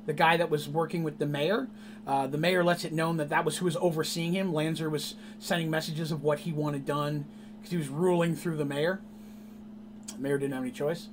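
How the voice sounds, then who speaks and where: A man, the game master, recounting a tabletop session in a casual, rambling, animated way. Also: a little high, a little hiss or hum. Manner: animated, rambling, laughs at his own story.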